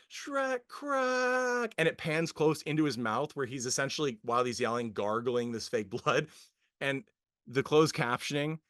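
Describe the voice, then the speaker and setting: A man's voice: mid-range voice, a bit bright, no echo, clean studio sound. A man co-hosting a podcast, reviewing a film in casual chat, rambling with many fillers and restarts, amused and often laughing. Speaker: podcast co-host.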